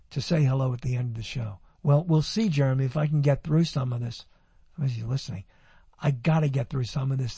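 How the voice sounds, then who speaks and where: A man's voice: mid-range voice, creaky, mellow, slightly rough, no room sound. A man hosting a radio talk show, chatting and reading items aloud in a rambling way, correcting himself as he goes. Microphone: handheld microphone.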